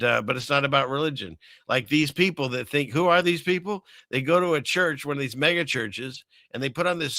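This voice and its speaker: Guy hosting a commentary show, rambly and sarcastic, bright voice, dry close sound. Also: medium pitch, dry recording. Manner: rambling, chuckling, sarcastic asides. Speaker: host.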